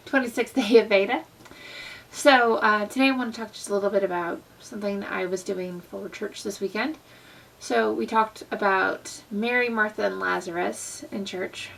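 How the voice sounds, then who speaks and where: A woman's voice: medium pitch, moderate pace, gravelly, far from the mic, a little hiss or hum, rough recording. A young woman talking in a casual, earnest vlog style about faith, with plenty of fillers. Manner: earnest, conversational, many fillers. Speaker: Christian vlogger. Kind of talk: casual devotional vlog talk.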